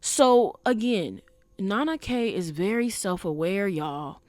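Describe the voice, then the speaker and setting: A woman's voice: mid-range voice, slow pace, no echo. Emphatic woman podcaster, dry close sound. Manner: animated, emphatic, rhetorical questions, frequent fillers. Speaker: podcast host. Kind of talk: casual commentary.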